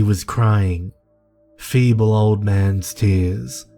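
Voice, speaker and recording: A man giving slow, measured, grave scripted horror narration. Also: low voice, fairly even intonation, dark tone. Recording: narration over faint music.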